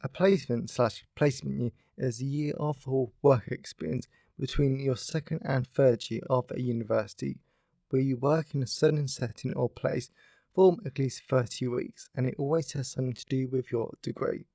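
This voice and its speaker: A man's voice: medium pitch, fairly even intonation, normal speed, vocal fry, dark tone, no echo, clean studio sound. A young man hosting his own podcast, chatting casually and upbeat with lots of "like" fillers. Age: young adult. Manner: upbeat, rambling, heavy use of "like" fillers. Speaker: podcast host. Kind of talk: casual solo podcast chat.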